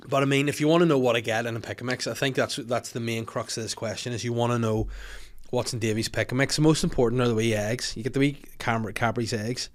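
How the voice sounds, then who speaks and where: A young Northern Irish man hosts a comedy podcast, his medium-pitched voice steady in tone and quick in pace. He rambles and jokes through casual comedic chat, tossing in crude asides.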